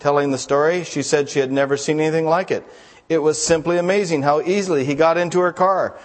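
Folksy pastor in a reverberant hall. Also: male voice, a little high, fairly even intonation, fast. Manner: folksy storytelling, reads jokes aloud. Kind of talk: sermon.

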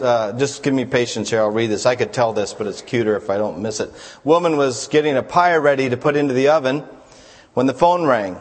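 A man preaching a sermon as a pastor, telling jokes to the congregation in a folksy storytelling manner. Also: medium pitch. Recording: long hall reverb.

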